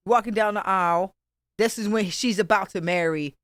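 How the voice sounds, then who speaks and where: A young woman co-hosting a podcast, telling crude jokes in casual, animated chat. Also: mid-range voice, moderate pace, dry recording, clean studio sound. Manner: crude, joking, animated storytelling. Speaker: podcast co-host.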